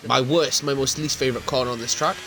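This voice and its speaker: A man doing live play-by-play commentary on a sim race, brisk and quick to laugh. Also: mid-range voice, steady tone. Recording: loud noise under the voice.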